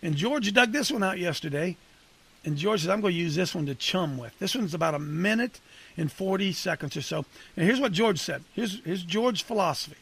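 A man's voice: high voice, lively intonation, fairly quick, vocal fry, breathy edge. A man coaching and casually preaching to a men's group, conversational and punchy, calling on listeners by name.

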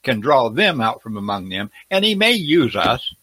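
A man in the group, calmly and earnestly making a point about faith. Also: medium pitch, moderate pace, husky, no echo. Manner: calm, earnest teaching. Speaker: group member.

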